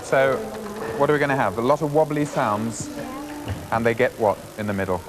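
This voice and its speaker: A man presenting a classroom music lesson to primary school children, asking brisk, encouraging questions. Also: medium pitch. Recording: 1980s schools TV, reverberant school hall, faint hiss.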